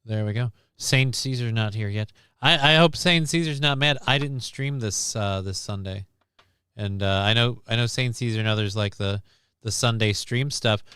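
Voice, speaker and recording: A man's voice: on the low side, moderate pace, bright, forceful tone, clear, resonant tone. A man hosts a casual livestream from his desk, talking off the cuff and tripping over repeated words as he goes. His voice is clean and resonant. The close mic gives a dry sound with no room echo. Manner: rambling, repeats and restarts words. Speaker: streamer host.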